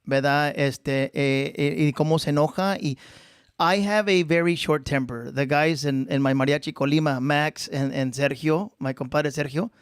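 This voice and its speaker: A podcast host from Texas chats casually, moving freely between English and Spanish. His voice sits a bit high for a man. The sound is dry and close. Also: steady tone, normal speed, clear, resonant tone, dry recording. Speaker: podcast host, mariachi musician. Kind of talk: casual bilingual chat.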